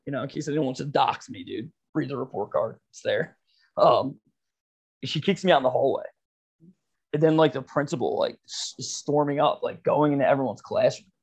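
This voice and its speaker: On a podcast with dull, lo-fi audio, a man from the Philadelphia area co-hosts and tells a rambling, profane story, laughing frequently. His voice is on the high side and husky.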